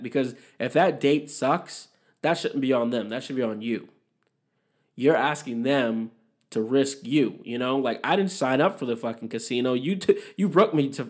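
A young man hosting a podcast, talking alone in a candid, opinionated and rambling way, swearing freely. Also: mid-range voice. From Massachusetts, USA. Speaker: podcast host. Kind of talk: casual solo podcast monologue.

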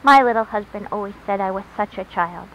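A woman's voice: mid-range voice, fairly quick, close to an everyday voice. A woman voicing a talkative, self-pitying old widow who gushes in a childish way, recorded on a dull lo-fi track with faint hiss. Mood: gushing.

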